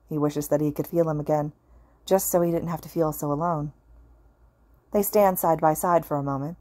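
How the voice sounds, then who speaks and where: Low-voiced woman reading a story. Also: a little mellow. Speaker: fan fiction reader. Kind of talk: audiobook-style story narration.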